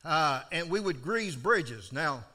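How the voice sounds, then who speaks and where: An older preacher with a high, bright, ringing voice. His pitch swings widely as he spins a folksy story from the pulpit, breaking into sudden loud cries. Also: expressive, slow pace. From South Florida. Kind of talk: storytelling sermon.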